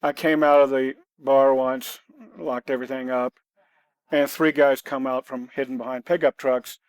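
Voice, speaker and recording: A man's voice: mid-range voice, little pitch movement, normal speed, clear, resonant tone, no echo. Blunt, matter-of-fact man. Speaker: guest, self-defense author. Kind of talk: conversational podcast storytelling.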